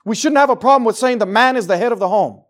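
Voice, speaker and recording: A man preaching a sermon to his congregation in church, swinging from loud declarations to quiet, low asides. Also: quick pace. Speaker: pastor.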